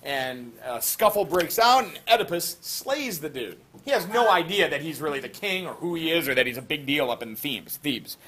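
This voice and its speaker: A male teacher with a high voice, spinning an old myth for his classroom. He keeps it jokey and slangy, full of asides and fillers. The recording sounds like it was made in the class itself. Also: fairly bright tone. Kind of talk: classroom storytelling lecture. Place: classroom with students.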